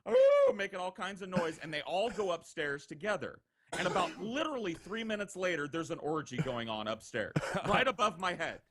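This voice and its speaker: A young man with a slightly high voice tells a wild story from his past in a loose, casual way. He swears freely and slips into quick impressions of the people he talks about, letting his voice jump up and down as he acts out each one. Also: noisy background. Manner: animated, profane, acts out quoted voices. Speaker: podcast regular telling stories.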